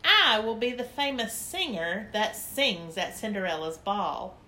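A woman voicing a spunky, stubborn little girl who talks in an excited, insistent way. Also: mid-range voice, unhurried, reverberant, slight background noise.

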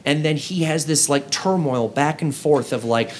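A man co-hosts a casual podcast with friends, earnestly telling stories and performing the quoted lines in character voices. His voice is a little high at normal speed, with slight background noise.

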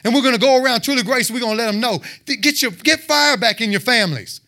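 Man, fervent lay preacher, bright tone, high voice. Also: fast talker. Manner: fervent, exhorting, with shouted roars. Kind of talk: testimony sermon.

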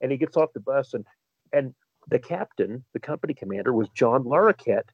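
A man's voice: mid-range voice, animated, a little fast, slightly rough, no echo, lo-fi sound. A man co-hosting a podcast, rambling through stories in casual chat and often restarting his sentences. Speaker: podcast co-host.

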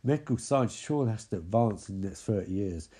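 A man doing a flat, sarcastic woman. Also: fairly low pitch, brisk, husky, pitched below the performer's own voice. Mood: exasperated. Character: exasperated young woman in a zombie film.

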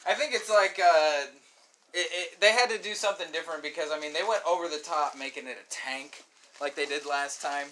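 A man's voice: fairly high pitch, fairly quick, pushed and bright, a little hiss or hum. A man chatting casually as a podcast guest, laid-back and restarting his sentences. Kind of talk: casual chat.

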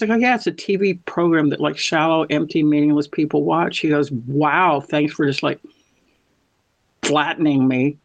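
A woman's voice: low-pitched, moderate pace, creaky. A middle-aged woman hosting a podcast, telling rambling stories and acting out both sides of each conversation. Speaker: podcast host. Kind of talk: casual storytelling. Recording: muffled lo-fi audio.

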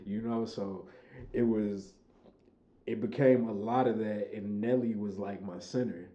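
A man's voice: fairly low pitch, fairly even intonation, unhurried, warm tone, roomy sound, highs cut off. Laid-back young man from Chicago. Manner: laid-back, loose, swears freely. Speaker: podcast guest, recording artist. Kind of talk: casual conversation.

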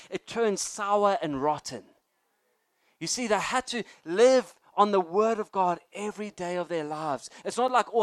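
A young man preaching with lively energy, joking with the room and then driving his points home loudly. His voice sits high for a man and rings clear and smooth. It is miked close, with a dry sound. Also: dry recording. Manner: energetic, jokey, rising to loud emphasis. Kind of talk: sermon.

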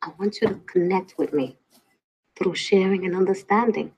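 An actress playing a brash, talkative young woman who lectures her boyfriend in a lively, assertive way. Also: medium pitch, moderate pace, husky, rough recording. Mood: lecturing. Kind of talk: film dialogue.

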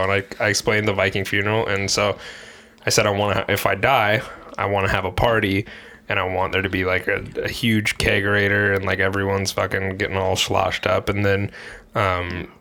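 A man's voice: lowish voice, bright, forceful tone, a little hiss or hum. A young man co-hosting a podcast, chatting casually and telling a story while laughing through it. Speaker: podcast co-host. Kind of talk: casual chat.

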